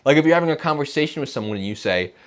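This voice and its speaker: A man's voice: a little high, lively intonation, very fast, slight background noise. A man teaching guitar in a casual lesson, explaining improvising and scat-singing phrases along with his playing. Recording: music playing behind the voice.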